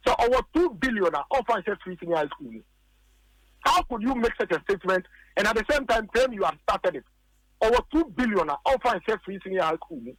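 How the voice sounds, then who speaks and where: A man's voice: sits high, a bit bright, no room sound, low-quality recording. A man with a Ghanaian accent, a political commentator arguing emphatically on a radio talk show and hammering his points by repeating them.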